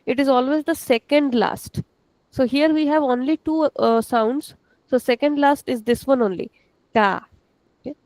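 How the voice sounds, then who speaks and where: A woman teaching a language class, slowly repeating words and patiently checking her students' pronunciation. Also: high-pitched, darkish tone, no room sound, poor audio.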